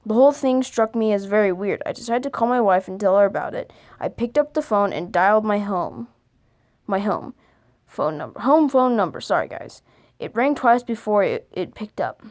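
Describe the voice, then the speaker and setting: A female video creator reads scary stories aloud, now and then halting to stumble over and correct her words. Her mid-range voice is animated, with a darkish tone.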